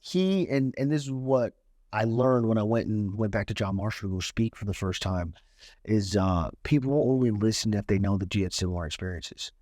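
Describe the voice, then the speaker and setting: A man's voice: lowish voice, brisk, darkish tone, dry recording, clean studio sound. A young man from Cleveland telling his story as a podcast guest, candid and streetwise, swearing freely. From Cleveland, Ohio. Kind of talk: casual storytelling.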